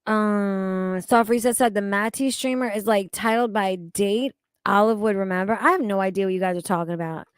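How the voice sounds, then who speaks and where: A woman's voice: mid-range voice, normal speed, hardly any pauses, clear, resonant tone, dry recording, clean studio sound. A woman streaming live, reading chat comments aloud and reacting in a blunt, profane, exasperated way.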